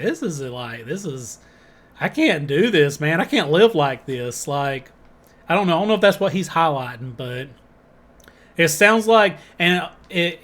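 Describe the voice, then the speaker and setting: Excitable Southern man reacting to music. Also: fairly high pitch. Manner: rambling, excitable, many fillers. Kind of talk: casual reaction commentary.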